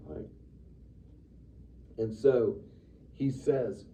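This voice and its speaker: A man teaching a church Sunday school class in a lively, conversational way, acting out the quotes he reads. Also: fairly low pitch, unhurried. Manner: animated, conversational, acts out quotes with sudden loud bursts. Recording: distant, dull room recording with faint noise.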